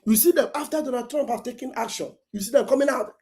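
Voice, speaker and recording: A man with a Nigerian accent hosting a casual livestream, animated and often repeating himself. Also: very high voice, quick pace. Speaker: livestream host.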